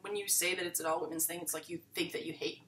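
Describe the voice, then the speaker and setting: A woman's voice: on the low side, fairly even intonation, fast talker, a bit bright, echoey room, far from the mic. A woman comedian chatting as a guest in a casual interview, laughing often and trailing off with fillers.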